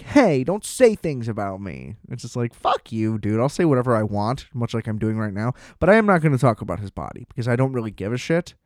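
A man's voice: mid-range voice, darkish tone, dry recording, studio quality. A man ranting in casual commentary, rambling, sarcastic and full of swearing. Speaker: vlogger.

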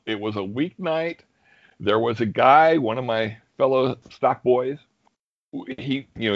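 Man, young adult, casual storyteller, animated, laughing, dry, slightly muffled. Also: medium pitch, no echo. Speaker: guest storyteller. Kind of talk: casual anecdote.

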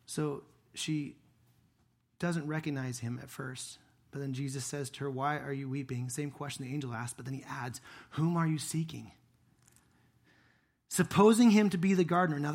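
Animated, fairly high-voiced male preacher. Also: creaky. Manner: conversational, animated, rising to emphatic peaks. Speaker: pastor. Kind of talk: sermon.

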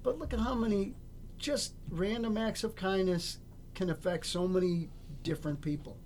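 A man's voice: high-pitched, moderate pace, a little mellow, slight background noise. A male guest chatting casually and supportively with the host. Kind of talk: casual chat.

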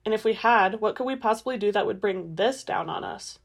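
A woman's voice: medium pitch, brisk, creaky. Woman reading an earnest, worried vampire dad type.

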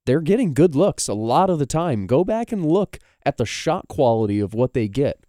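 A man's voice: medium pitch, very animated, normal speed, warm tone, no echo, studio quality. A man co-hosting a sports radio show, talking casually in long opinionated runs. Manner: opinionated, rambling, argumentative. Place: radio studio.

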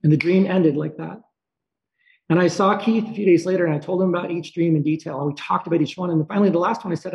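Gravelly man telling a personal story. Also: high voice, fairly even intonation, darkish tone. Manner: halting and emotional, with pauses and restarts. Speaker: speaker sharing a personal story. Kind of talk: personal storytelling, reflective monologue. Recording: dull lo-fi recording.

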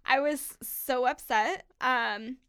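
Smooth-voiced young woman, animated chat. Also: fairly high pitch, a little fast, dry recording, clean studio sound. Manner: animated, swearing, heavy use of "like". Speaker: podcast host. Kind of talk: casual storytelling chat.

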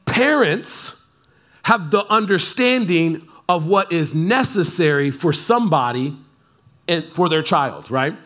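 A man with a high, sharp, bright voice gives a relaxed, conversational sermon. He keeps checking in with his listeners and drops in playful asides. It sounds like a church talk given to a live congregation. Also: slow. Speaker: pastor. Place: church service in front of a congregation.

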